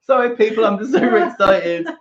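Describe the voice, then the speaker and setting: A man hosting a casual livestream chat from the sofa of his flat, excitable and quick to laugh. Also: high voice, crowd noise. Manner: excitable, squealing and laughing often. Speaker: channel host. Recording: roomy, dull livestream audio.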